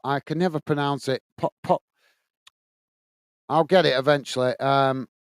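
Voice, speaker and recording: A man's voice: medium pitch, fairly even intonation, normal speed, clean tone, no echo. A man hosting a live football watch-along, casually reading out and answering viewer comments with plenty of fillers. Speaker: host.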